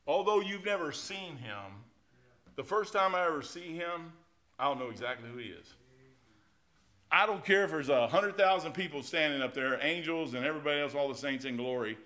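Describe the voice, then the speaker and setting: A middle-aged pastor with a slightly high voice preaches a sermon in a folksy, animated style, swinging between loud swells and quiet drops.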